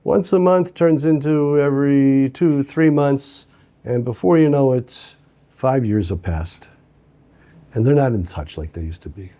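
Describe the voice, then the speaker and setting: A man teaching a lesson through an animated, conversational story. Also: mid-range voice, a little slow.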